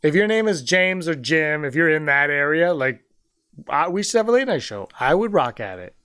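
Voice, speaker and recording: Lively animated man podcasting. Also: fairly high pitch, clear, resonant tone. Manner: animated, laughing, does quick movie-voice impressions. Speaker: podcast co-host. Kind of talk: casual chat.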